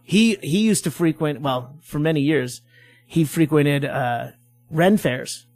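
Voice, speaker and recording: Guy with a high voice riffing on a podcast, rambly, does little voices in his stories, dry close sound. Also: slow, a little mellow, no room sound, faint music behind. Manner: rambling, storytelling with acted-out quotes. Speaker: podcast co-host. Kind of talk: casual comedic banter.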